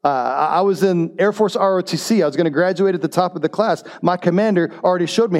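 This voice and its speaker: Male pastor, middle-aged, higher-pitched, lively sermon delivery. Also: fast, hardly any pauses. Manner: animated storytelling, voicing characters' lines.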